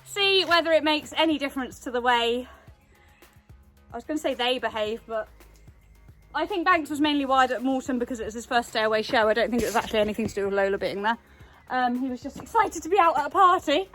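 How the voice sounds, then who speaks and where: A high-pitched woman chats casually to the camera from her stables. She switches into cooing baby talk whenever she speaks to her animals. Faint music plays underneath. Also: animated, fast talker, a bit bright. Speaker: vlogger. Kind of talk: casual vlog chat.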